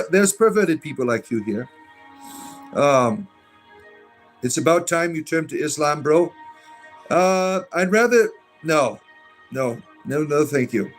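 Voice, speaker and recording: This fairly high-pitched Southern US man runs a livestream and reads the chat out loud. He stumbles through it with uh's and false starts, answering with sarcasm and defiance.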